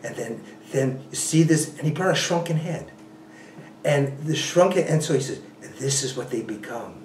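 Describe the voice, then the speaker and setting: A man's voice: medium pitch, moderate pace, a little hiss or hum. A man being interviewed about ultrarunning, telling stories casually with frequent laughs and restarts. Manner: animated, laughing often, many restarts and you-knows. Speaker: ultrarunner guest. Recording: roomy, a bit distant from the mic.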